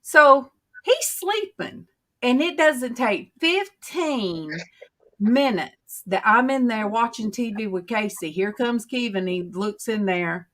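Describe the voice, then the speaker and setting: Slow, rambling woman. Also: a little high, lively intonation, fairly bright tone. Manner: rambling, homey, drawn-out storytelling. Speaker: livestream host. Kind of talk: casual chat to viewers.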